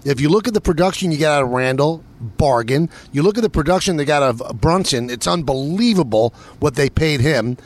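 A man's voice: on the high side, expressive, a little fast, hardly any pauses. A man co-hosting a sports talk show, arguing his point insistently in casual banter. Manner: defensive, insistent.

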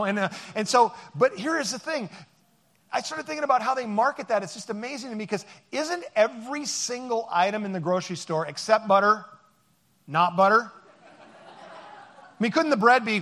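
A man's voice: high voice, pushed and bright. A man giving a conversational sermon as pastor, joking and rambling with many fillers.

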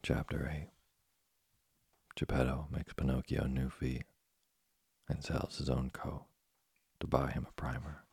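A man reading a storybook aloud as narrator, with a gravelly, husky voice and a steady delivery. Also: extremely low pitch, unhurried, dry recording. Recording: dry close studio sound.

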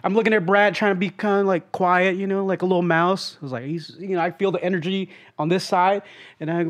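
A man co-hosting a casual podcast, telling his side of a story in a chatty way, often trailing into quiet asides. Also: high-pitched, fairly even intonation, fast talker. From Southeast Asia. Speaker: comedian co-host.

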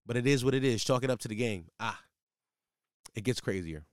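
A man's voice: brisk, dry recording, studio quality. Slangy young man telling a story. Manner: profane, slangy, animated; voice jumps high when exasperated. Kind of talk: casual storytelling.

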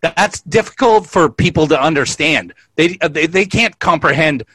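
A man's voice: fairly high pitch, lively intonation, normal speed, a bit bright, faint music behind. A man co-hosting a podcast in casual chat, laid-back and bluntly profane. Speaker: podcast co-host.

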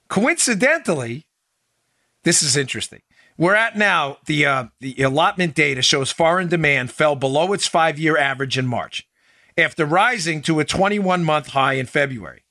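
His intonation is lively and his tone bright and forceful as he talks at normal speed, captured in a dry, clean studio recording. This political podcast host speaks emphatically and sarcastically directly to his listeners, calling them folks, his pitch rising as he gets worked up.

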